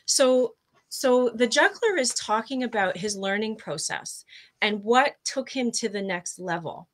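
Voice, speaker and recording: A woman's voice: on the high side, animated, unhurried. A woman guest coach explaining ideas in a casual interview, tripping over her words and laughing at herself.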